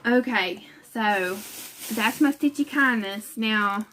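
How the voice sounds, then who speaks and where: West virginia lady chatting about stitching at home, kinda high voice, lots of ums. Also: takes it slowly, a bit bright, slight background noise. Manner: chatty and self-conscious, with fillers and laughs. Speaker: cross-stitch channel host. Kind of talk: casual chat.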